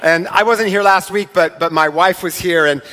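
A man's voice: high-pitched, normal speed, sharp tone. A middle-aged man preaches a sermon in a church, his voice carrying a long hall reverb. He speaks in a slightly raised register with an easy, conversational manner, teasing his congregation between points. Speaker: pastor. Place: church sanctuary.

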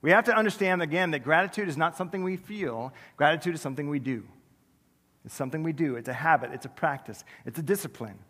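Pastor, male, conversational sermon with self-mocking asides; slightly high voice, big reverberant hall. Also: a bit bright. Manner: conversational, self-deprecating humor with quick asides. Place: large church sanctuary.

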